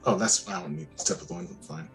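Lively-voiced man playing a tabletop game. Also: low-pitched, fast, soft background music, poor audio. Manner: chatty, laughs often. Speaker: player. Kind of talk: casual tabletop play.

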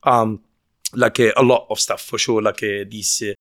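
A man from Lebanon with a Lebanese accent, a guest telling his story in a casual interview, animated, laughing often and restarting his sentences. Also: lowish voice, normal speed.

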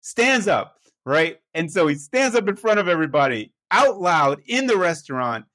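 A man's voice: a little high, very animated, normal speed, bright, forceful tone. A man, a pastor, telling a personal story in a conversational, self-deprecating way, often checking in with his listener.

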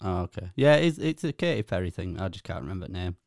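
A man's voice: low voice, big pitch swings, fast, dry recording, clean studio sound. A man with a Yorkshire accent co-hosting a podcast, playful in casual chat. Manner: playful, sings song lines in a game. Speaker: podcast co-host.

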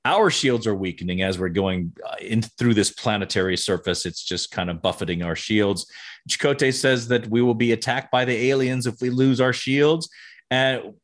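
A man's voice: mid-range voice, normal speed. A middle-aged man co-hosting a podcast, casually recapping an episode and playfully acting out lines. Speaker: podcast co-host.

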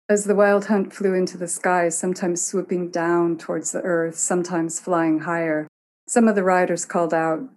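A woman narrating a fantasy tale in a measured storytelling manner. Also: lowish voice, little pitch movement, darkish tone, slight background noise.

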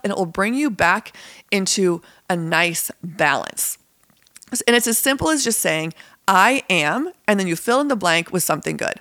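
A woman's voice: mid-range voice, a bit bright, dry recording. Upbeat podcast lady, chatty and encouraging, medium voice, dry close sound. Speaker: podcast host. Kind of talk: casual solo podcast talk.

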